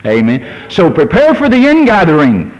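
A man's voice: on the high side, huge pitch swings, moderate pace, darkish tone, lo-fi sound. A man in his sixties, a pastor preaching a fervent sermon and reading scripture aloud. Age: 60s.

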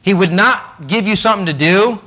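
A man's voice: sits high, fairly quick, bright, forceful tone. A man preaching a sermon in a conversational way, acting out the voices of the people in his stories. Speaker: pastor.

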